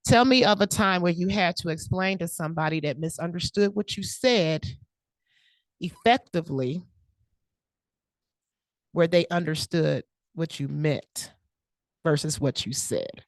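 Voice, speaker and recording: A woman's voice: lowish voice, measured pace, pauses often, no room sound, clean studio sound. A woman hosting questions at a speaking club meeting, joking, teasing and often laughing. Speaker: table topics host at a speaking club meeting.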